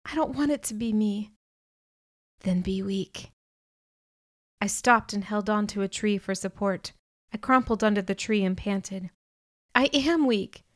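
A woman's voice: medium pitch, fairly even intonation, a little slow, long pauses, no room sound. A woman reading a first-person novel aloud with earnest, emotional delivery, close to the mic. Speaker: audiobook narrator.

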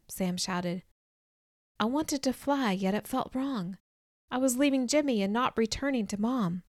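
A woman narrating a novel in the first person, telling it at a measured pace and lifting her voice for dialogue. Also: a little high, no echo, clean studio sound. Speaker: audiobook narrator.

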